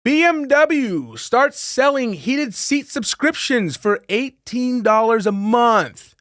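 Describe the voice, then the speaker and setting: A man's voice: extremely high pitch, expressive, slow pace, a bit bright, no echo, clean studio sound. A man hosting a casual political commentary podcast, swearing freely, laughing often and reading headlines aloud. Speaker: podcast host.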